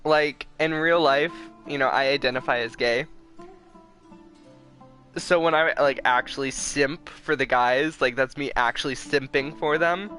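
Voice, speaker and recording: A young male streamer gives casual, rambling commentary while he plays, excitable and full of fillers. His voice is bright and forceful. Faint game music sits behind him. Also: mid-range voice, measured pace.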